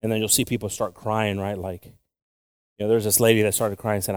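A man's voice: fairly low pitch, level tone, normal speed, clear, resonant tone, no echo. Casual, rambling male preacher. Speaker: pastor. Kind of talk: sermon.

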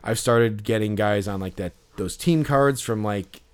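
A man's voice: lowish voice, unhurried, clean tone. A man hosting a podcast, telling a story in a rambling way, with many fillers and restarts. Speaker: podcast host. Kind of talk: casual podcast chat.

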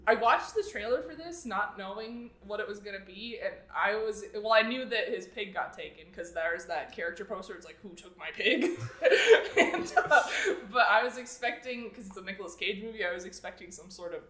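A woman's voice: mid-range voice, a little fast, a bit bright, roomy sound. A woman co-hosting a casual movie podcast chat, laughing often as she talks. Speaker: podcast co-host.

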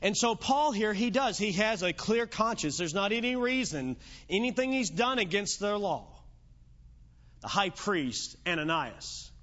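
A man with a notably high voice preaches an evening sermon, chatty and fond of jokes. He retells the story in his own easygoing words. The recording is dull and lo-fi, as if taped in a church. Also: expressive, measured pace, fairly bright tone. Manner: conversational, joking storyteller.

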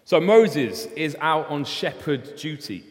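Casual preacher in an echoing hall. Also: male voice, on the high side, slow. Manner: casual, storytelling, animated. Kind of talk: sermon. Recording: long hall reverb.

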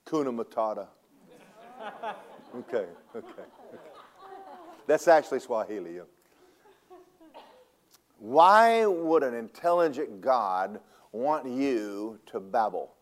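A man preaching a sermon as pastor, animated and humorous, swinging between loud preaching and hushed asides. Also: medium pitch, takes it slowly, long pauses. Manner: humorous storytelling, laughs at own jokes.

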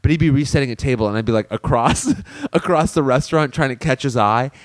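A man co-hosts a casual podcast, spinning a long, profanity-laced story about his old job. His voice sits at an ordinary middle pitch. The recording is dry and close, with no room sound. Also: quick pace, dry recording. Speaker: podcast co-host.

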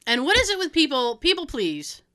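A woman chatting casually and telling an everyday story, acting out quoted dialogue in lively voices. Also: high voice, fairly quick, no echo, studio quality.

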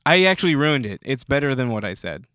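A man co-hosting a casual podcast about comics, relaxed and given to laughing and trailing off. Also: medium pitch, fast, smooth, no room sound, studio quality. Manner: laid-back, laughs often, trails off quietly. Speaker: podcast co-host.

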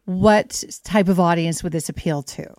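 A woman interviewing a guest in a casual, upbeat chat with quick reactions. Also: fairly low pitch, a little mellow, no room sound.

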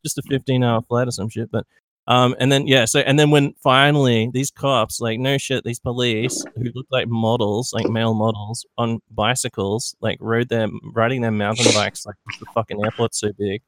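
A man's voice: mid-range voice, flat delivery, normal speed. A young Australian man, a podcast guest, telling a rambling, profane story in casual chat. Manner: rambling, profane, with loud mimicked shouts.

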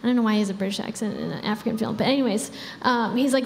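A woman's voice: fairly high pitch, steady tone, quick pace, darkish tone. A young woman preaching a sermon in a casual, chatty way, with frequent fillers. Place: church hall. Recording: reverberant hall with faint background noise.

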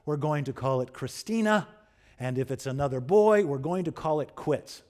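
A preacher voicing an excited little boy. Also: on the high side, normal speed, lightly acted. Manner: eager, breathless telling. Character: excited four-year-old boy in a joke.

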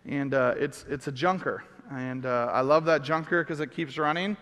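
A middle-aged man preaching, telling a story with lively acted-out outbursts. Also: mid-range voice, normal speed, big-room sound. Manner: animated storyteller, acts out shouts. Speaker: pastor. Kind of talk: sermon storytelling.

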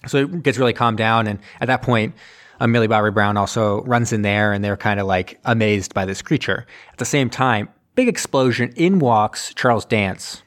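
A man's voice: lowish voice, moderate pace, fairly bright tone. A man in casual conversation, recapping a film in a loose, rambling way with lots of fillers and self-corrections. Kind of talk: casual chat.

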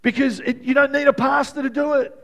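High-voiced male pastor preaching. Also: level tone, a little fast. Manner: builds to loud exclaiming, then drops to quiet prayer tone. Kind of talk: sermon. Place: church with live congregation.

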